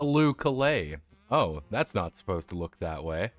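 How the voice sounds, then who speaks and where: A man's voice: low-pitched, animated, normal speed, over music. A man casually chatting on a livestream about tabletop role-playing games, rambling and self-mocking with frequent restarts. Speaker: streamer discussing tabletop games.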